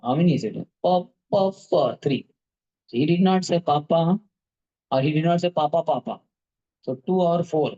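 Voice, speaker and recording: A man's voice: on the high side, moderate pace, long pauses, lo-fi sound. A man giving a devotional talk, telling stories with rhythmic repetition and questions to his listeners. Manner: animated storyteller, repeats words rhythmically, asks the audience questions. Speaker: speaker at a devotional class.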